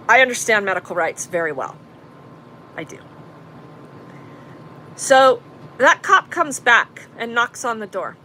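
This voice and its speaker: High-pitched woman, bright voice, blunt casual storytelling, faint rumbling noise. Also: low-quality recording. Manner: blunt, profane, animated storyteller. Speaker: vlogger recounting an arrest. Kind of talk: casual storytelling to live chat.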